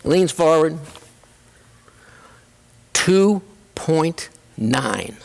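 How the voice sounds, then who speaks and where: A man with a fairly high, lively voice tells funny stories from his own life as a keynote speaker. He swings his pitch widely and slips into voices for his family members. His voice rings with the long reverb of a large hall. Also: very slow, vocal fry. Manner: animated, acts out family members in quoted voices. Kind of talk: humorous personal storytelling.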